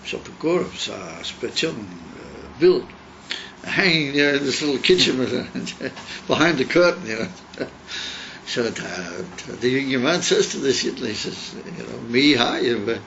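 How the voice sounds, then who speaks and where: A male rabbi teaching a Hasidic text and telling a story, in halting English full of fillers and Hebrew and Yiddish terms. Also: mid-range voice, very animated, creaky, a bit bright. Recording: dull lo-fi recording with faint hiss.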